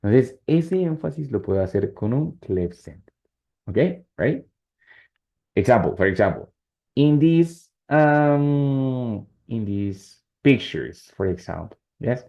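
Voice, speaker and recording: A man's voice: medium pitch, lively intonation, measured pace, dull audio. A man teaching English whose first language is Spanish, switching between the two languages and often checking if students follow. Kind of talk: online class explanation.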